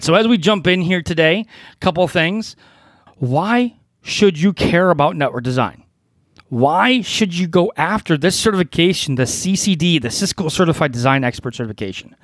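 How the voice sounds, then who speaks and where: A man's voice: on the high side, dry recording. Emphatic man teaching, dry close sound. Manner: emphatic, repeats key phrases, asks rhetorical questions. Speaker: network design instructor. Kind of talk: podcast-style training talk.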